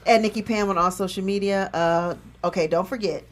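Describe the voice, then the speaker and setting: A woman's voice: mid-range voice, steady tone, brisk, a little hiss or hum. A woman co-hosting a casual talk show, chatting and reading out show announcements. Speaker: co-host.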